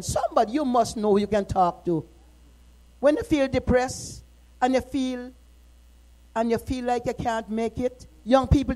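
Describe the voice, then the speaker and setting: A middle-aged woman minister preaching a sermon, moving from quiet, personal talk to impassioned shouting. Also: on the high side, poor audio.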